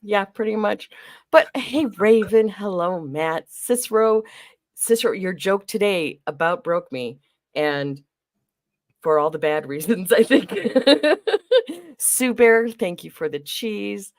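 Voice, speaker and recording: A woman's voice: mid-range voice, animated, unhurried, no echo, studio quality. A woman hosting a casual livestream, greeting chat viewers by name and laughing often. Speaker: livestream host. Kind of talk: casual live-stream chat.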